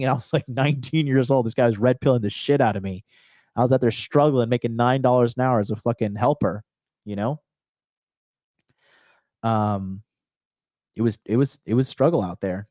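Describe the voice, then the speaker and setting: A man's voice: medium pitch, moderate pace, pauses often, darkish tone, dry recording, clean studio sound. A man streaming live as a dating coach, giving profane, emphatic advice and reading chat, repeating lines for punch. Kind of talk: livestream monologue reading chat.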